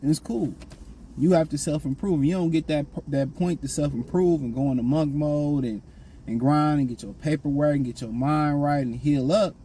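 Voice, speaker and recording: A man's voice: fairly high pitch, moderate pace, mellow, a little hiss or hum, poor audio. A man giving blunt, slangy dating and self-improvement advice in a casual, repetitive monologue.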